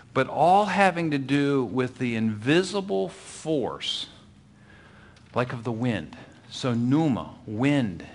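A man's voice: medium pitch, a bit bright. A man teaching a Bible lesson, explaining patiently and checking in with his listeners, often dropping his voice for effect. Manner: explains patiently, asks the audience for agreement.

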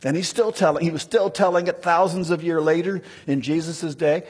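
A man preaching a sermon, teaching slowly through a text and acting out quoted lines. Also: on the high side, breathy edge. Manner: animated, acts out the serpent's lines in a raised voice.

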